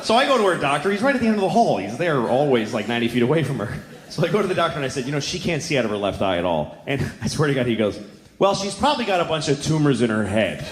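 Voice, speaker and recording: Animated stand-up comic in a roomy club. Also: male voice, mid-range voice, very fast, background noise. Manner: animated storytelling, acts out other people's voices. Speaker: stand-up comedian. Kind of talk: stand-up set on stage.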